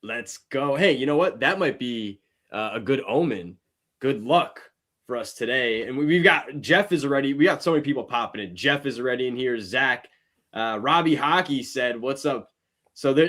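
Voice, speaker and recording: A man's voice: mid-range voice, fairly bright tone. A man hosting a live sports betting show, chatting casually and greeting viewers in the chat. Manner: rambling, upbeat, greets chat viewers by name.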